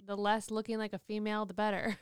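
Smooth-voiced woman with crude deadpan jokes. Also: mid-range voice, fairly quick, no echo, clean studio sound. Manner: crude deadpan one-liners. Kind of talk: casual chat.

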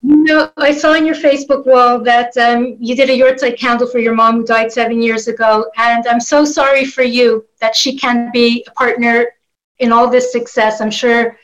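A woman's voice: a little high, little pitch movement, normal speed, rough recording. A woman journalist interviewing a guest, heartfelt and full of blessings, using Hebrew phrases. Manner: warm, blessing-giving, uses Hebrew phrases. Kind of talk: interview questions.

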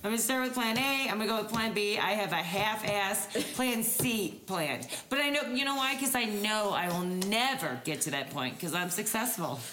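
A woman co-host in casual chat, brash and profane, ranting loudly about her choices. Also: mid-range voice, animated, normal speed, few pauses. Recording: echoey room, faint noise.

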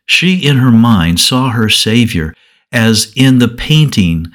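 A man telling a Bible story and reflecting on it as a devotional, earnest and measured with dramatic pauses. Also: mid-range voice, animated. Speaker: devotional speaker.

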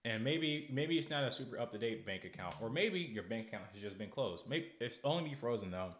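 A young American man hosting political commentary, ranting in a sarcastic, heated way with loud bursts and halting restarts. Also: mid-range voice, animated, roomy sound. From United States. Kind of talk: casual commentary, ranting to camera.

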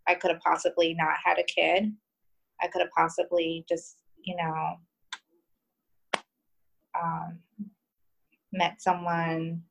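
A woman in her thirties from New York with a Southern twang, telling stories as a podcast guest in a laid-back, halting way. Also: fairly low pitch, gravelly, poor audio. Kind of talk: casual interview chat.

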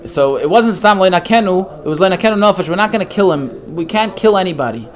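A man's voice: sits high, animated, quick pace. A man leading a text study class, reading each Hebrew phrase and then translating it. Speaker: Torah teacher.

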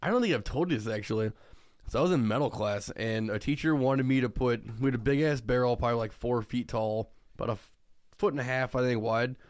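A man's voice: medium pitch, fast talker. A young man co-hosting a podcast, telling a story casually, swearing a lot and laughing often. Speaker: podcast co-host.

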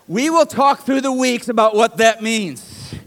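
A man's voice: very high-pitched, animated, unhurried, gravelly, a bit bright, long reverb tail. A middle-aged male pastor preaching a sermon in a conversational, joking way that rises to emphatic bursts, in a church. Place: church sanctuary.

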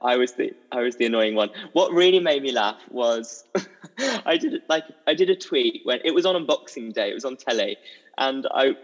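A young man, a musical theatre performer, telling stories as a guest in an animated, giggly way. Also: medium pitch, moderate pace. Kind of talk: casual chat. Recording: dull audio with long reverb.

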